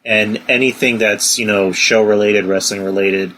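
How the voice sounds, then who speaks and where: Low-voiced rambling man, faint hiss. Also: fairly even intonation, moderate pace, bright, forceful tone. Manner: rambling, lots of "you know". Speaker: podcast co-host. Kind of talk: casual chat.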